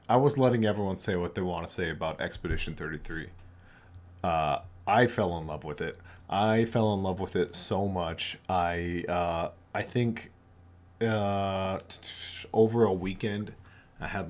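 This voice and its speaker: A man's voice: low voice, measured pace, darkish tone. A man who is a game master, chatting on a podcast in an enthusiastic, rambling way. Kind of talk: casual podcast chat.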